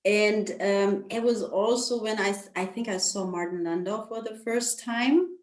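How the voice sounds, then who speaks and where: Emotional woman, halting, roomy call. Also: medium pitch. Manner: emotional, halting, many restarts. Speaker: interview guest, actress. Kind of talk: casual interview. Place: video call.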